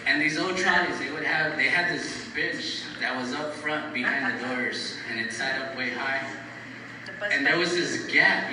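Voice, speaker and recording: A middle-aged man, a bus operator, giving a farewell speech full of funny stories and frequent laughter, recorded from a distance. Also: a little high. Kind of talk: eulogy anecdote speech. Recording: echoey room recorded from afar, loud ambient noise.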